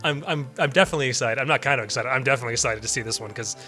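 A man's voice: mid-range voice, rapid-fire, sharp tone, faint music behind. A man co-hosting a casual podcast, talking in a rambling, self-deprecating way. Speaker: podcast co-host.

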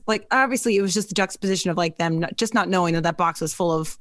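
A woman's voice: mid-range voice, steady tone, quick pace, no room sound. A woman hosting a podcast, telling stories in a chatty, jokey way. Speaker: podcast host. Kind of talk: casual podcast chat.

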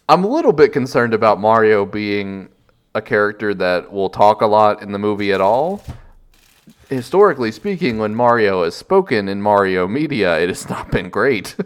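A man's voice: lowish voice, very animated, normal speed, clear, resonant tone. A man hosting a casual podcast chat, wry and joking, laughing often. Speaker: podcast host.

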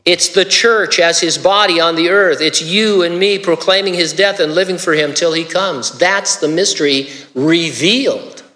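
Relaxed male preacher in a reverberant hall. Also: fairly high pitch, normal speed, few pauses. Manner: relaxed, with joking asides and restarts. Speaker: pastor. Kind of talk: conversational sermon.

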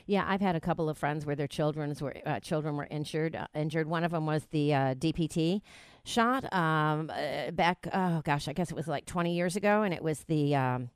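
A woman's voice: low voice, normal speed, smooth, no echo. A woman hosting a radio talk show, chatty and rambling, with many fillers.

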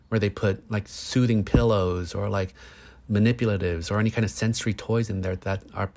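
A man in his thirties speaks in a fairly low voice. He is a psychologist explaining things earnestly in conversation, with everyday examples. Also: creaky. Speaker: psychologist guest.

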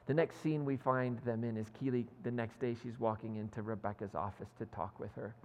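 A man's voice: mid-range voice, steady tone, fairly quick, few pauses, highs cut off. A male pastor giving a sermon in a church, telling a story in a conversational, self-deprecating way. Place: church sanctuary. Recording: long hall reverb.

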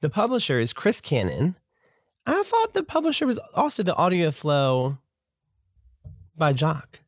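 A man's voice: fairly high pitch, huge pitch swings, measured pace, no room sound, clean studio sound. A man co-hosting a podcast in casual chat, sick with bronchitis and chuckling as he teases. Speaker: podcast co-host. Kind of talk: casual chat about audiobooks.

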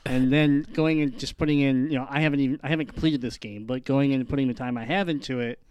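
A man hosting a casual podcast chat, halting with restarts. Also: mid-range voice, steady tone, a little mellow, clear, resonant tone, no room sound.

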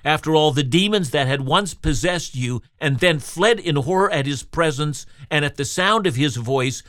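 Lively, animated male radio preacher. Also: a little high, normal speed, few pauses, no echo, clean studio sound. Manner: expressive, rhetorical preaching with direct address to listeners. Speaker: Bible teacher. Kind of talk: radio sermon.

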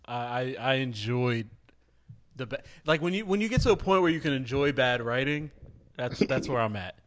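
A man's voice: medium pitch, lively intonation, moderate pace, fairly bright tone, a little hiss or hum. A man co-hosting a casual podcast, speaking in a laid-back, amused way and swearing casually. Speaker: podcast co-host. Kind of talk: casual chat.

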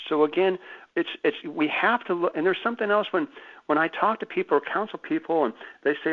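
A man's voice: a little high, fairly quick. A man guest on a radio interview, telling stories animatedly and emphatically, often repeating his words. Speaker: guest author. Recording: phone-like radio line.

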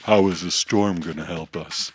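A man's voice: low voice, fairly even intonation, normal speed, faint music behind, pitched below the performer's own voice, close to an everyday voice. A man doing a tense, skeptical young sidekick.

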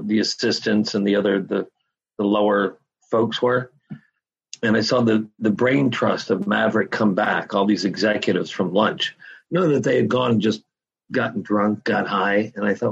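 A man's voice: on the low side, vocal fry, breathy edge, lo-fi sound. A middle-aged man, a podcast guest, telling his story in a candid, casual way and swearing freely.

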